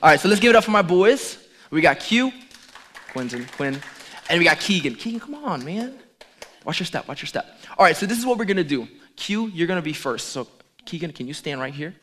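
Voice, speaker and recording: A middle-aged man preaching as a pastor, joking playfully with the congregation during a lively demonstration. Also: a little high, brisk. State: out of breath at times. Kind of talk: lively sermon with audience demonstration.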